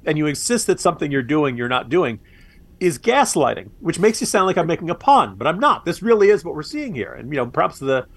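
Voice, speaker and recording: Lively, sarcastic man. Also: on the high side, a little fast, breathy edge. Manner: animated, sarcastic, laughs often. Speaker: podcast co-host. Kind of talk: casual political commentary.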